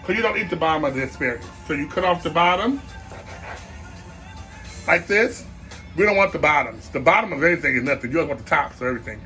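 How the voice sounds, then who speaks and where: Bright-voiced man hosting a comic cooking show. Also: fairly high pitch, expressive, a little fast, long pauses, soft background music. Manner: playful, rambling asides while chopping. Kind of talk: rambling comic cooking vlog.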